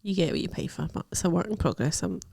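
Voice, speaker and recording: A woman's voice: lowish voice, fast, gravelly, a little mellow, dry recording, studio quality. A young Scottish woman, a comedian co-hosting a podcast, chatting casually and teasing her friend with lots of laughter. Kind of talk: casual chat.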